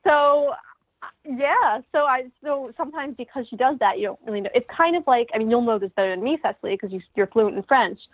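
A woman's voice: a little high, animated, fairly quick, breathy edge, dry recording. A woman co-hosting a podcast, chatting eagerly about a singer's vocal style and laughing often. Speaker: podcast co-host. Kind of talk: casual chat about music. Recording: tinny phone-like remote line.

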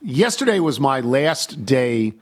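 A man's voice: mid-range voice, big pitch swings, slow, breathy edge. An older man hosting a talk show, chatting casually and telling rambling, self-deprecating stories. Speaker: host. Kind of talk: casual chat.

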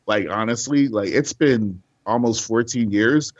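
Male comedian, podcast guest, halting and candid, lo-fi sound. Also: medium pitch. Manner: halting, frequent restarts and fillers.

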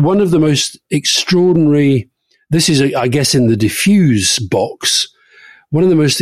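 A middle-aged man co-hosts a political talk show, spinning anecdotes with animated energy. His voice sits in an ordinary middle register. The recording is close and dry, with no room around it. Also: medium pitch, no room sound. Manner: anecdotal, lively storytelling with laughs. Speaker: podcast co-host. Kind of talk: casual political chat.

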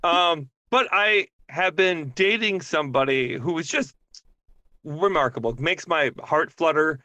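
A woman talking as a guest on a podcast, joking and animated, swearing freely in casual chat. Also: sits low, measured pace, dry recording.

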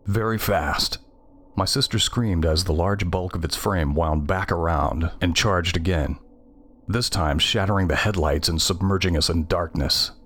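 A man reading a scripted first-person horror story in a measured, tense way. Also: low-pitched, fairly bright tone, a little hiss or hum. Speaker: narrator.

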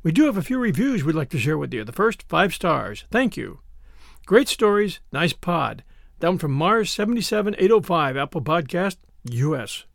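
A man gives a dramatic audiobook reading, his gravelly voice pitched high for a man. The sound is dry and close, with no room around it. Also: very animated, fairly quick, few pauses, no echo. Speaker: audiobook narrator and podcast host.

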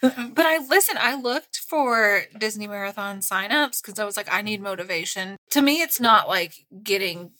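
A woman's voice: mid-range voice, expressive, moderate pace, sharp tone, rough recording. Giggly chatty woman podcast host. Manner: giggly and chatty, laughs often. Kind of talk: casual chat, reading listener emails.

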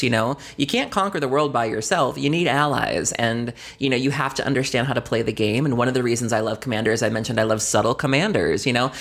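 A woman co-hosting a podcast, chatting enthusiastically and laughing often. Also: rumbling low. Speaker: podcast co-host. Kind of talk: casual chat.

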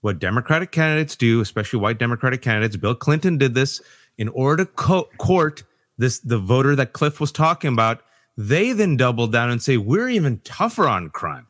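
Emphatic, fired-up man on a podcast panel. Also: mid-range voice. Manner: emphatic and animated, quick bursts, mimics people. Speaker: panel guest. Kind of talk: impassioned political podcast discussion.

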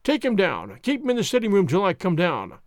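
A man reading the lines of a blunt, skeptical police inspector, gruff and impatient. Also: sits high, wildly swooping pitch, fairly quick, dry recording, studio quality. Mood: brusque.

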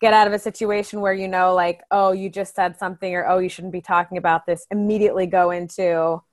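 A woman's voice: on the low side, little pitch movement, fast. Chatty woman co-hosting a podcast. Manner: chatty, quotes people, laughs easily. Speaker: podcast co-host. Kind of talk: casual chat.

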